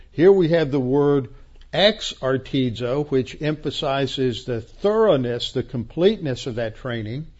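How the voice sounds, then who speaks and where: A man's voice: mid-range voice, a little mellow, lo-fi sound. Man teaching Scripture emphatically. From Texas. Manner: emphatic, repeats key words, frequent restarts. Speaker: pastor teacher. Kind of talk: expository Bible teaching.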